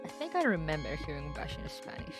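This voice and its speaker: Woman streamer, casual rambling chat with viewers, slightly low voice, music in the background. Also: very animated, fast talker. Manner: chatty, rambling, laughs often. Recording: music playing behind.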